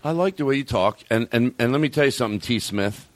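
A man hosting a podcast in casual chat, profane and animated, sometimes bursting into shouting. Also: mid-range voice, fast talker, dry recording. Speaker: podcast host.

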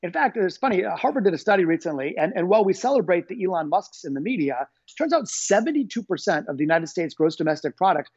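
A man's voice: high voice, big pitch swings, quick pace, few pauses, a little mellow, slightly rough, no room sound, highs cut off. A man being interviewed as an author, talking in an upbeat, enthusiastic way. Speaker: guest author. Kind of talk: energetic interview talk.

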